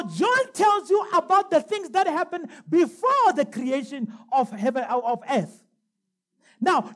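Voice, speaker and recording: A woman delivers a sermon in a high voice that swoops up and down. She preaches emphatically and slows her words down when she reads scripture aloud.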